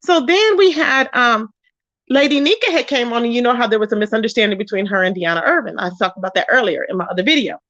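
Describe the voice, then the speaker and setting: A sassy woman dishes gossip to her live chat. Her voice sits high and swings widely in pitch. The recording is dry and a little dull. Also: quick pace, no room sound. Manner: sassy, animated, greets chat viewers. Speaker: commentary vlogger. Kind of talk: casual gossip commentary.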